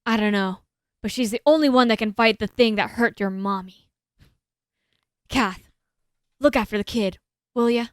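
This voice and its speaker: A woman voicing a gruff, fatherly male police detective in a game, speaking in a lowered voice with a tough, folksy manner. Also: normal speed, pauses often, no echo, studio quality, natural voice. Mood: reassuring.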